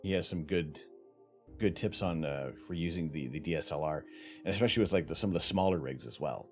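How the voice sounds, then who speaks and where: Here the Canadian host talks a bit fast in a low register, faint music audible behind him. On his casual livestream he meanders through viewers' questions, reading out the chat and starting over many times.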